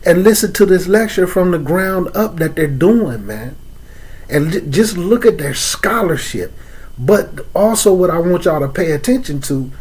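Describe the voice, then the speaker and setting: A man's voice: a little high, darkish tone. A man from Chicago with an African American English accent, hosting a loose talk on religion and laughing between points. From Chicago, USA. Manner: loose, streetwise, repeats "man" and "you know what I'm saying". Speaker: host. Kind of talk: casual religious talk to an audience.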